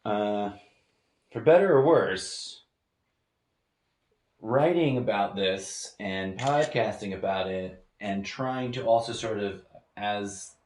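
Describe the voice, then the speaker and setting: This podcast host, a man with a lowish, darkish voice, takes it slowly and pauses often. His solo monologue rambles hesitantly with many fillers and restarts, recorded in an echoey home room turned studio with slight background noise.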